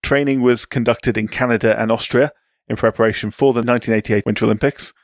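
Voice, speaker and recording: A man co-hosting a podcast, telling sports history in a relaxed, chatty way with asides. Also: medium pitch, fast, no echo, clean studio sound. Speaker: podcast co-host. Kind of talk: casual chat.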